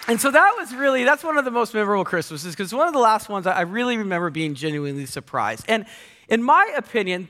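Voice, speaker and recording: A man's voice: sits high, sharp tone. A man in his thirties, a pastor giving a sermon with playful, self-mocking storytelling. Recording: long hall reverb.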